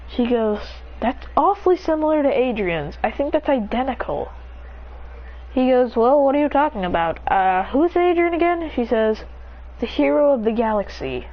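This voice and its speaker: A woman narrating an improvised story in a rambling, breathless way, jumping up in pitch to voice the characters. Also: expressive, moderate pace, muffled recording.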